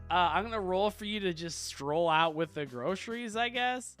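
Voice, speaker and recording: Man, game master, high voice, comedic tabletop narration, deadpan, faint music behind. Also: moderate pace, hardly any pauses, clean tone.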